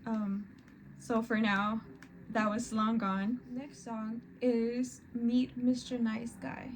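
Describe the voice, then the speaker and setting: A woman talks slowly through a casual music reaction, her pitch sitting a little high. She often stops and restarts mid-word, and her voice carries open emotion. A faint hiss of background noise sits under her voice. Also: flat delivery, rough recording. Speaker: reaction video host.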